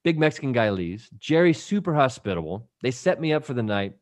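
A man's voice: medium pitch, fairly quick, dry recording. Man telling a wild story, dry sound. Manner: lively anecdote telling, acting out quoted people; frequent swearing. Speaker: podcast guest. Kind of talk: casual storytelling.

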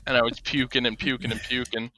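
A man in casual chat, telling a story in a relaxed, self-deprecating way. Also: mid-range voice, fast talker, no room sound.

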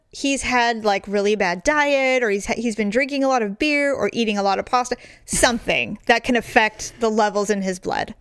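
A middle-aged woman chats casually as a host, spinning an animated story and slipping into the voices of the people she quotes. Her voice sits a bit high and sounds dry and close, with no room around it. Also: smooth, no echo. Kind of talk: casual chat.

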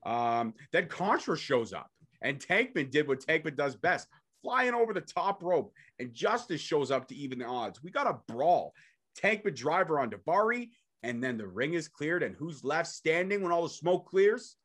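A young man with a slightly high voice, talking through a recap in casual podcast chat. He hurries through the play-by-play with eager energy, calling "bro" now and then. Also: very animated, normal speed, fairly bright tone. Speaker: podcast co-host.

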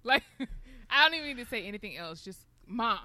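A woman's voice: fairly high pitch, very animated, a little fast, pushed and bright. A woman co-hosting a podcast, dropping dry, wry quips in casual chat.

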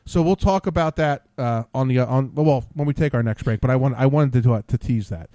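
A man's voice: mid-range voice, fairly quick, warm tone, no echo. A man hosting a podcast, telling rambling, profane stories and losing his train of thought. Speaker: podcast host. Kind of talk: casual profane storytelling.

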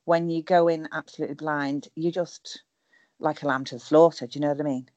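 A woman's voice: deep voice, fairly even intonation, brisk, a little mellow, no room sound. A middle-aged woman chatting as a guest over a call, blunt and humorous, swearing freely. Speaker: guest, former reality show contestant. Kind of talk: casual chat over a call.

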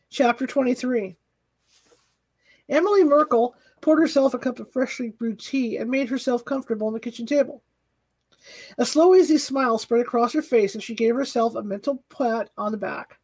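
A woman with a fairly high voice narrates a novel in a steady, even reading. Now and then she corrects a slip and carries on. It is straightforward audiobook narration. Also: normal speed, low-quality recording. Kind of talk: scripted narration.

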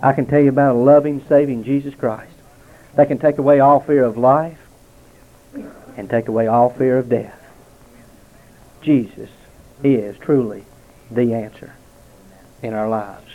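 A man giving a heartfelt spoken testimony to a gathering at a restaurant, telling stories with dramatic pauses. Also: mid-range voice, fairly even intonation. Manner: earnest, storytelling with dramatic pauses. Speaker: lay speaker giving testimony. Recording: tinny, narrow-band lo-fi recording.

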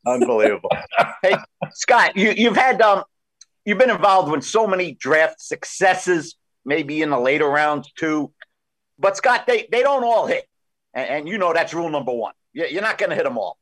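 A man's voice: on the high side, lively intonation, moderate pace, a bit bright, rough recording. A man co-hosting a podcast, asking questions emphatically and often repeating the guest's name. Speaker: podcast co-host. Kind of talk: conversational interview.

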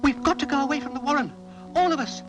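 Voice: high-pitched, fast, close to an everyday voice, poor audio. An actor voicing a frightened young rabbit. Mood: fearful. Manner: urgent, fearful warnings. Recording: film clip with music underneath.

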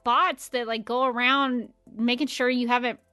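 A woman's voice: a little high, little pitch movement, moderate pace, sharp tone, no room sound, soft background music. A woman co-hosting a fan podcast, reading out listener questions in amused casual chat. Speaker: podcast co-host.

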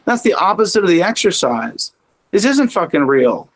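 A man's voice: sits high, very animated, normal speed, fairly bright tone. A man as a podcast guest, chatting casually and animatedly about spirituality, swearing freely and mocking his own inner voice.

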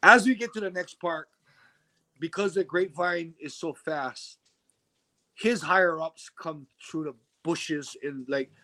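Animated storytelling man, higher voice. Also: a little slow. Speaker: interview guest. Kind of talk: casual storytelling interview.

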